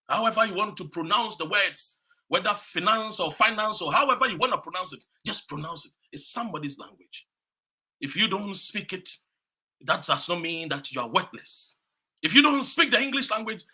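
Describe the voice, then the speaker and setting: A man from Ghana giving an impassioned political speech, preaching fiercely and hammering points through repetition, with shouted peaks. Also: sits high, slightly rough. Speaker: political commentator.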